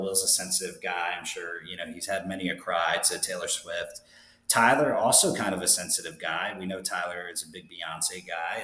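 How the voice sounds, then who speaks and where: A man's voice: sits low, fairly bright tone. A young man hosting a fantasy league recap, talking in a casual, rambling way with lots of fillers and wry asides. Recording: echoey room.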